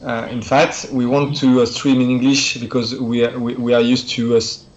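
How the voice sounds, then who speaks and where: A man from France speaks English with a thick French accent, pausing often on "uh" as he hosts a chess stream. His voice sits at an average pitch. The sound is dull and lo-fi. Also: level tone. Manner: halting, many "uh" fillers and restarts. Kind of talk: casual live-stream chat.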